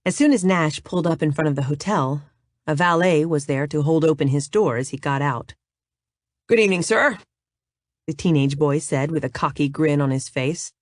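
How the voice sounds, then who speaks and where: A woman narrating a romance audiobook in a steady, even way. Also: deep voice, a little fast, no echo, clean studio sound.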